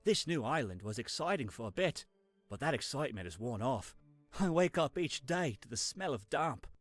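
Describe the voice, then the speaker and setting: A weary settler complains about his damp lodgings in a game, his accent slipping from one region to another. His voice rises and falls in lively swings, with faint music behind. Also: medium pitch, moderate pace. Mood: pleading. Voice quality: accent that wanders between regions. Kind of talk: game character voice line.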